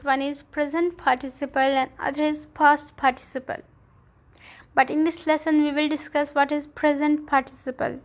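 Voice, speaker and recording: Woman teacher, recorded grammar lesson, unhurried and careful, spells out letters. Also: sits high. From Pakistan. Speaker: English teacher.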